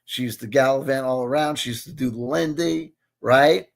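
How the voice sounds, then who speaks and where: A man in his late forties rambles and swears his way through casual reaction commentary, forever asking "you know what I mean." He talks at a normal speed in a creaky, mid-range voice.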